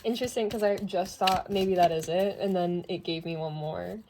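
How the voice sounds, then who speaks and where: A woman's voice: lowish voice, steady tone, normal speed, background noise. A woman doing a casual tarot reading who talks chattily, laughs often and drifts into asides. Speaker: tarot reader.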